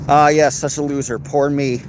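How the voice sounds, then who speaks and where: A man's voice: fairly high pitch, flat delivery, moderate pace, noisy background. An American man hosting a livestream, reading and answering chat in a crude, sarcastic, rambling way. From United States.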